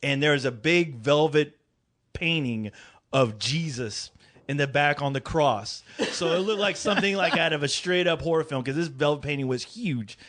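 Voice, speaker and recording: A man on a podcast telling a funny story in casual chat. He laughs a lot and swears freely. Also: normal speed. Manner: animated, laughing, swears freely, jumps into high voices for quoted people. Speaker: podcast co-host.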